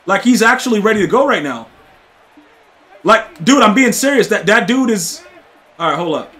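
A man streaming a football video game, talking to his chat in excitable, trash-talking commentary that keeps breaking into loud shouts. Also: high-pitched, normal speed. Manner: excitable, trash-talking, repeats "dude" and "bro". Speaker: gaming streamer. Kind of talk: live gameplay commentary to chat.

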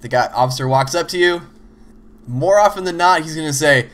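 A man's voice: fairly high pitch, brisk, fairly bright tone. A man hosting a show, giving a casual instructional talk on teamwork in a loose, conversational way. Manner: loose, conversational, frequent "you know" and "like"; acts out little example dialogues. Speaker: host explaining teamwork.

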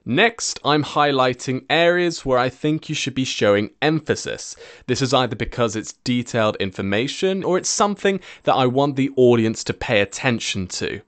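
A man teaching presentation skills in a clear, methodical, encouraging way. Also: medium pitch, animated, normal speed, few pauses, fairly bright tone, dry recording. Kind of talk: instructional tutorial.

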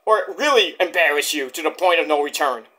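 A man's voice: a little high, animated, brisk, pushed and bright. A man reviewing a wrestling show in a heated, profane, rambling rant.

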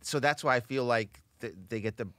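A man chatting as a comedian guest on a podcast, rambling and acting out other people in quick voices. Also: mid-range voice, a bit bright, no room sound. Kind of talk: casual podcast chat.

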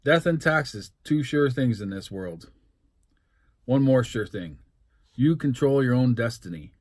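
A man's voice: mid-range voice, expressive, unhurried, no echo, studio quality. A man with a Canadian accent, talking casually and upbeat in a food-tasting vlog, rambling between topics. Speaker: food vlogger. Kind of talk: casual mukbang vlog talk.

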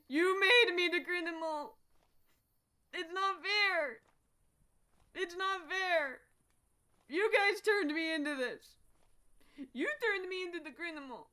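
A young woman streaming horror games, jumpy and profane, swinging from low muttering to sudden shouts. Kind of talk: live-stream gameplay commentary.

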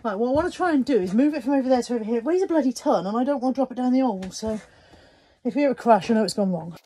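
A woman's voice: on the high side, expressive, racing, dark tone, a little hiss or hum. A middle-aged woman, chatting casually and mocking herself as she talks to the camera in a vlog. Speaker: vlogger.

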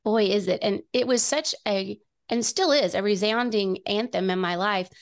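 A middle-aged woman with a gravelly edge in her mid-pitched voice recounts a personal story on a faith talk show. She speaks earnestly and often restarts her sentences as she goes. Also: moderate pace. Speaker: guest.

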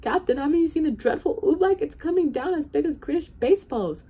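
A woman's voice: very high-pitched, fairly even intonation, fast, mellow, voice pushed up. A woman voicing an earnest young boy page who urgently pleads and warns in a storybook reading. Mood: alarmed.

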